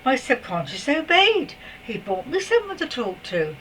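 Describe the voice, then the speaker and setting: An older woman telling a personal spiritual story in a chatty, rambling way, with soft laughs and asides. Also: high voice, huge pitch swings, moderate pace, hardly any pauses, recorded from a distance, low-quality recording. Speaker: spiritual vlogger. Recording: voice a little away from the mic, faint background noise.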